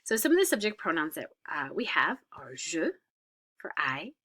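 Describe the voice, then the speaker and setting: Lady teaching french grammar, pitch jumps around a lot, patient, says uh a lot. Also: big pitch swings, normal speed, sharp tone, husky. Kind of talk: recorded grammar lesson.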